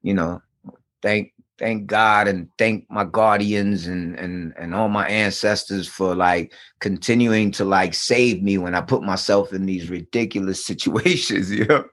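A man with a fairly low voice tells stories in relaxed conversation. He is animated and swears freely, and he acts out the other people in his anecdotes with voices of their own. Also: unhurried. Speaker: guest. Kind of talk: casual storytelling.

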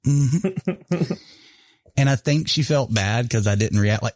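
A man's voice: mid-range voice, normal speed, darkish tone, dry recording. A man hosting a casual talk show, laughing often and swearing casually, with stories and a store plug. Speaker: podcast host. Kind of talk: casual chat with ad read.

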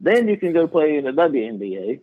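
A man's voice: fairly high pitch, very animated, a little fast, breathy edge, no room sound. A man, a former police officer who mostly agrees in short replies and then gives blunt opinions. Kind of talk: casual chat. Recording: tinny phone-line sound.

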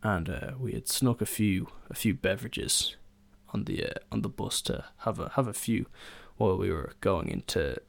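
A man's voice: lowish voice, animated, moderate pace, creaky. A young man, hosting a solo podcast and telling rambling stories in a casual chat, full of fillers and restarts. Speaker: podcast host.

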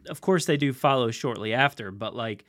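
A man's voice: medium pitch, a little fast, fairly bright tone. A man hosting a podcast, chatting casually and laughing often while he talks. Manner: chatty, laughing, restarts a lot. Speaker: podcast host. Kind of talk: casual chat.

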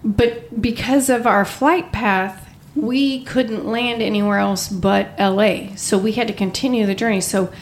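A woman's voice: medium pitch, steady tone, measured pace, a little hiss or hum. A middle-aged woman, a podcast co-host, telling a story in a blunt, matter-of-fact way with some swearing. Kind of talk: casual storytelling.

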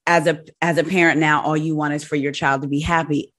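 Woman, middle-aged, interview host, very low pitch, affirming. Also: level tone, fairly quick, fairly bright tone. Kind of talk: interview conversation.

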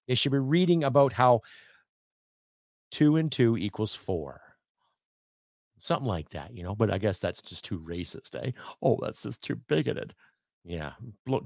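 A middle-aged Canadian man hosting his own podcast, ranting bluntly and profanely, swinging from loud outbursts to low muttering. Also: animated, normal speed, dry recording, clean studio sound. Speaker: podcast host. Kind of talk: opinionated rant.

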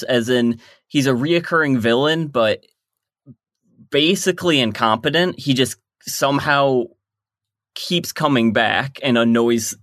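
Mid-pitched man explaining his comics. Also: fairly bright tone, no room sound, clean studio sound. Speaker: guest comic creator. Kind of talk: casual interview chat.

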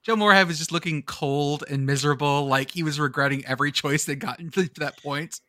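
A man co-hosting a casual sports podcast, excitable and profane. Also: a little high, fairly quick, no echo, clean studio sound. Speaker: podcast co-host.

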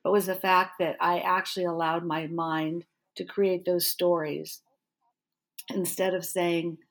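Woman, middle-aged, lowish voice, lively storytelling, acts out the dialogue. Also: unhurried. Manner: animated, acts out remembered inner thoughts and dialogue. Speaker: pastor and author, interview guest. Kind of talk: personal storytelling in an interview.

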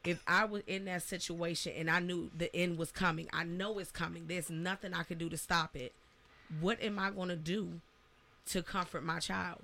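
A woman with a bright, forceful voice speaks in a heartfelt, reflective way during a podcast conversation. She sounds like a parent thinking out loud. Her delivery stays conversational. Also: on the low side, steady tone, moderate pace, vocal fry. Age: adult parent. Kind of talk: casual podcast chat.

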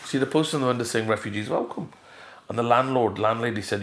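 A middle-aged Scottish man, a guest in a casual interview, telling stories with lively jumps in pitch. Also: fast talker, reverberant, a crowd in the background. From Scotland. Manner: animated storyteller, leaps up in pitch for emphasis.

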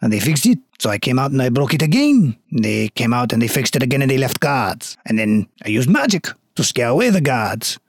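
A man's voice: medium pitch, big pitch swings, brisk, few pauses, no echo, clean studio sound. A man voicing a vengeful male vintner turned goop monster, with a fake French accent in a theatrical villain monologue.

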